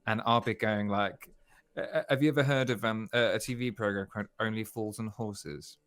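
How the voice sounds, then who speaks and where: A man chats as a guest on a casual livestream. He tells his stories in an animated way and keeps making fun of himself. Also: on the low side, a little fast, clear, resonant tone. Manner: self-deprecating, animated storyteller.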